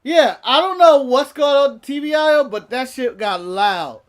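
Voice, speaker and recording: A high-voiced man telling a story on a casual podcast. He is animated and profane and laughs often. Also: measured pace, crowd noise. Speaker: podcast co-host.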